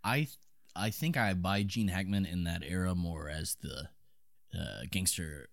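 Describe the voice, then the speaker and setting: Low-voiced Southern American man, hesitant. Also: unhurried, creaky, dry recording, studio quality. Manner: hesitant, filler-heavy, steers the segments. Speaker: podcast co-host. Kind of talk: casual film discussion.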